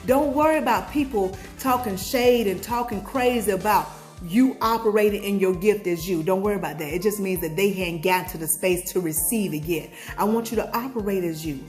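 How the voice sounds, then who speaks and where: A woman's voice: mid-range voice, fairly quick, darkish tone, faint music behind. Southern woman giving a preachy pep talk. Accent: Southern US (Georgia). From Georgia, USA. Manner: preachy, call-and-response questions, sings snippets. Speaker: motivational vlogger. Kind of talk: motivational pep talk to viewers.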